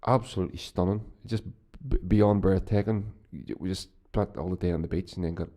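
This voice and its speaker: A podcast host from Northern Ireland, this man has a deep, mellow voice and talks a little fast. In his casual solo chat he rambles and swears, often restarting his sentences.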